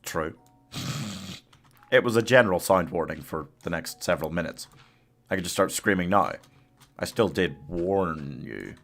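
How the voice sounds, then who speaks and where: A man's voice: sits low, animated, normal speed, pauses often, fairly bright tone. A man streaming a game live, chatting casually with his chat, laughing often and coaxing his companion along. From United Kingdom.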